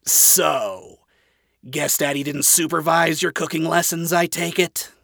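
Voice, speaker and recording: A man's voice: on the high side, steady tone, measured pace, creaky, fairly bright tone, no echo, clean studio sound, voice pushed up, exaggerated voice. A man voicing a weary, sardonic male hunter centuries old, with a teasing, sarcastic way of talking.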